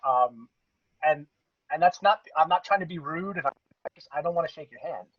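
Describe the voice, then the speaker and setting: A man's voice: a little high, a little fast, slightly rough, no room sound, highs cut off. A man co-hosting a podcast, explaining things at length in casual chat with many restarts. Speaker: podcast co-host.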